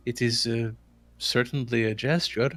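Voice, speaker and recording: A man voicing a nervous, cautious male village priest in a tabletop game, speaking hesitantly with many halting pauses. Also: mid-range voice, steady tone, a bit bright, dry recording, close to an everyday voice. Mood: wary. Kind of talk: improvised character voice in a tabletop game.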